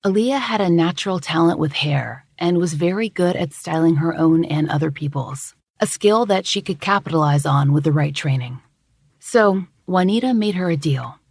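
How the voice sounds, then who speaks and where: A woman host reading scripted true-crime narration in a measured, even way. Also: deep voice, no room sound, studio quality. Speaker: podcast host.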